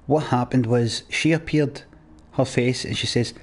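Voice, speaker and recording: Streaming a game live, a young man talks casually with his audience, swearing plenty and ranting at chat with mock exasperation. His voice is mid-range, steady in tone, and measured in pace.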